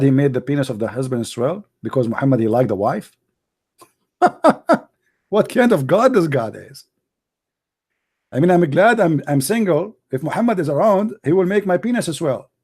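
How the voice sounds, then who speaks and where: A man hosting a combative call-in debate, mocking and scolding his callers, his voice going hoarse. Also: a little high, expressive, fairly quick, a little mellow. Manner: mocking, scolding, repeats himself. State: losing his voice. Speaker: debate show host.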